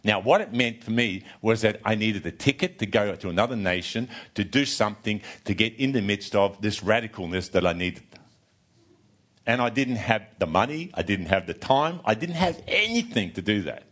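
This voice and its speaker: An older man preaching a sermon, telling a personal story in an animated way, often restarting and repeating words. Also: fairly low pitch, normal speed.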